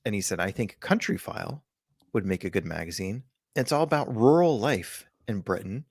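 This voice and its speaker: A man's voice: on the low side, lively intonation, moderate pace, darkish tone, dry recording, studio quality. A man co-hosting a podcast in casual chat, telling stories in a rambling, jokey way. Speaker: podcast co-host.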